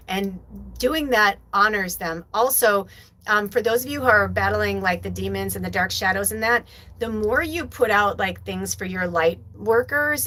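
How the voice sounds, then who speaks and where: A woman's voice: mid-range voice, pushed and bright, rough recording. Rambling woman hosting a spiritual livestream. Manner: rambling, filler-heavy, heartfelt. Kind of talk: casual live-stream chat.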